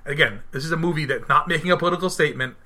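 A man in his thirties hosting a podcast in casual chat, animated, acting out quotes and often restarting his sentences. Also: fairly high pitch, racing. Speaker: podcast host.

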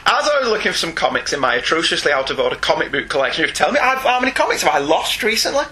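A jokey man with a Northern English accent chats casually on a podcast and reads out listener emails. His voice sits fairly high and swings widely in pitch, with a very bright tone and a faint hiss of noise behind it. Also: sing-song, very fast. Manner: teasing and jokey, laughs often. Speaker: podcast co-host.

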